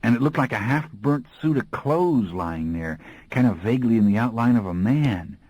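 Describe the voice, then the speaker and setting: A man's voice: medium pitch, animated, moderate pace, darkish tone, dry recording, lo-fi sound. A man reading an audiobook in a folksy, slangy storytelling voice. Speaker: audiobook narrator. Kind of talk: scripted audiobook narration.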